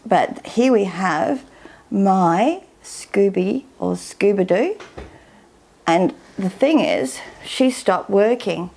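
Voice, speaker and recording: A woman, chatting casually through an unboxing in a rambling, unhurried way. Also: medium pitch, animated, creaky, a little mellow. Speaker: vlogger.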